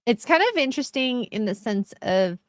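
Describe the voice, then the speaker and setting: A woman's voice: a little high, sing-song, normal speed, dry recording, studio quality. A woman hosting a casual livestream, reading out viewer comments in a teasing, giggly way. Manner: laughs often, casual and teasing.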